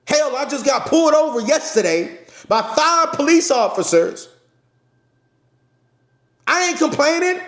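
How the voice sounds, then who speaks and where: A man hosting a live stream, talking loudly and passionately to his viewers in a preachy, repetitive way. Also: very high-pitched, reverberant. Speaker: channel host. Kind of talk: passionate livestream talk. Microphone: phone camera.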